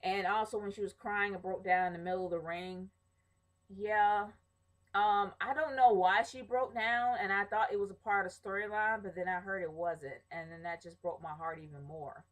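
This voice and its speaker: A woman's voice: mid-range voice, steady tone, moderate pace, rough recording. A woman in her thirties chatting casually to camera, answering viewer questions with opinions, many ums and small restarts. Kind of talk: casual chat.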